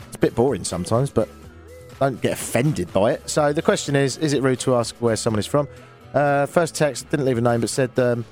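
A man's voice: mid-range voice, fairly quick, a little mellow, soft background music. An English man hosting a call-in radio show, chatting in a wry, joking way and reading texts aloud. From England. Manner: wry, joking, self-mocking.

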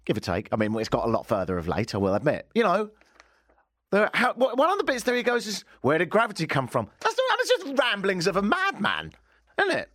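Lively sarcastic English radio host. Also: male voice, sits high, brisk, no room sound, studio quality. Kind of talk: casual radio chat. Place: radio studio. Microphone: studio mic.

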